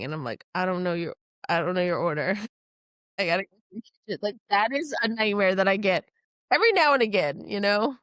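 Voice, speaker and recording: A woman from New Orleans, a guest chef telling stories in a casual podcast chat. She swears freely and acts out other people's lines with lively quoting. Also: medium pitch, no echo, clean studio sound. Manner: animated storytelling, acts out quotes, swears freely.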